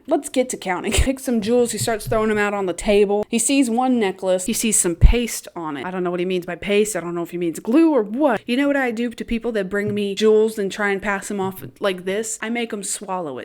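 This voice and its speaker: Young woman vlogging a show recap, super chatty, swears a ton, laughs a lot. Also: mid-range voice. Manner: chatty, animated, swears freely, laughs often. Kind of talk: casual recap with profanity.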